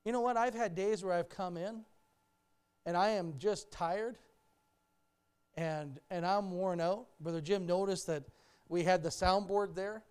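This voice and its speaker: A man's voice: high-pitched, measured pace, pauses often, darkish tone, clean tone. A man preaching a sermon as pastor in a church, talking candidly and joking as he speaks directly to the congregation. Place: church sanctuary.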